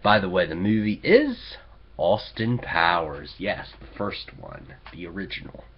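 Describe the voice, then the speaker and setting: A man's voice: low-pitched, sing-song, unhurried, husky, lo-fi sound. A man hosting a political commentary show, sarcastic and mocking toward local officials. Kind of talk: opinionated commentary.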